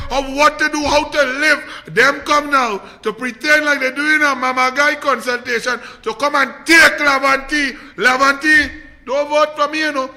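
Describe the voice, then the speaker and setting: A very high, piercing male voice with a Trinidadian accent, put on by a man, ranting sarcastically like a satirical political puppet. It swings into mocking, sing-song and preachy phrasing and has a sharp, bright edge. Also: full character voice.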